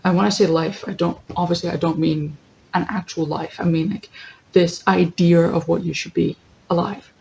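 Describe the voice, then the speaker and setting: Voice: mid-range voice, level tone, normal speed, vocal fry, darkish tone, lo-fi sound, a little hiss or hum. A tarot reader giving a casual general reading, thinking aloud, correcting themselves, laughing easily and reading lists from a guidebook. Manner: chatty, thinks aloud, often corrects itself.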